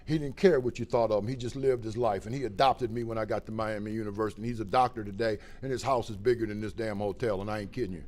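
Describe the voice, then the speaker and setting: A middle-aged man from Ohio, giving a plain-spoken personal testimony at a recovery meeting, swinging between loud and quiet. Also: on the low side, fairly even intonation, fast, few pauses. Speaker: recovery speaker.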